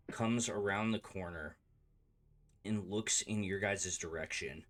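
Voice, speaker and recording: A man's voice: on the low side, steady tone, slow pace, fairly bright tone. A man narrating as game master in a tabletop game, describing scenes in a hesitant way with many fillers.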